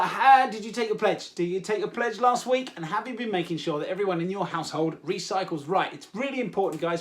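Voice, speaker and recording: An English man hosting a children's activity show, talking to kids in a playful, jokey way with lots of "uh" fillers. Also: sits high. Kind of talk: upbeat chat to children.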